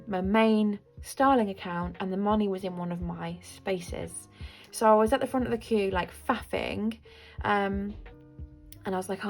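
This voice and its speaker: A woman in her thirties talks through her budget in a casual, rambling way and pokes gentle fun at herself. Her mid-pitched voice carries a gravelly fry. Faint music plays quietly underneath. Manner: rambling, chatty, self-deprecating. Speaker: budgeting vlogger. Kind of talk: casual chat to camera.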